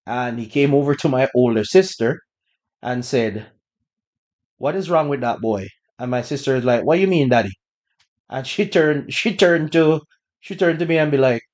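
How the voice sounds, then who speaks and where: A man hosting a podcast, telling a personal story in a relaxed, conversational way with bursts of laughter. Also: mid-range voice. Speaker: podcast host. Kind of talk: casual storytelling.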